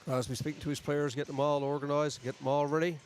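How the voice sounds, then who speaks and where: A man calls live play-by-play of a local hockey game from a community arena, chatty and folksy with asides between plays. His voice is a little high, delivered flat and fast.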